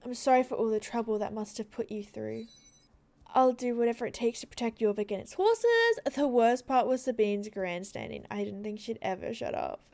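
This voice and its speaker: A woman's voice: fairly high pitch, expressive, normal speed, gravelly, a little mellow. A woman voicing a kind, brave young heroine in a game, speaking earnestly. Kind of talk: reading game dialogue aloud.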